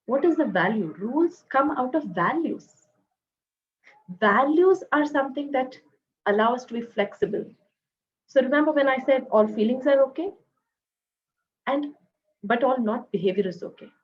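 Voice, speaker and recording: A woman with an Indian English accent and a fairly high voice gives a parenting talk, speaking gently and demonstrating phrases parents can use with their children. The sound quality is lo-fi.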